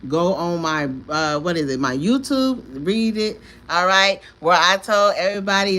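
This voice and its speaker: A woman's voice: on the low side, animated, moderate pace, few pauses, a bit bright, slight background noise. A woman, talking in a rambling, emphatic way during a casual live tarot stream, often repeating words and laughing. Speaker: tarot reader.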